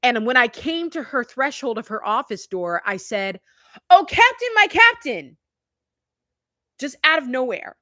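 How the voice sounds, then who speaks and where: A woman's voice: on the high side, lively intonation, moderate pace, few pauses, bright, forceful tone, no room sound, studio quality. A woman in her fifties hosting a casual live-stream chat, telling stories in a confiding, chatty way and laughing often. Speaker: YouTube channel host.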